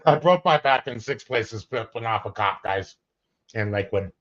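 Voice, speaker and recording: A man's voice: lowish voice, expressive, moderate pace, a crowd in the background. A man co-hosting a casual chat about police footage, joking and rambling, laughing often. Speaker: co-host reacting to police footage. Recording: dull lo-fi audio.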